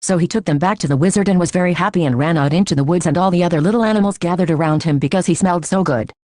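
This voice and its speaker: A woman reading a short story aloud for an audiobook in a steady, measured way. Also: on the low side, no room sound. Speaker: audiobook reader. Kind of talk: scripted story narration.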